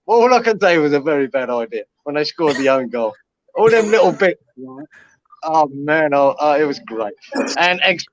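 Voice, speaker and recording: A middle-aged Englishman and West Ham fan chats casually on a channel video call, calling everyone "mate" constantly. His voice is a little high, the highs are cut off, and there's a slight hiss or hum.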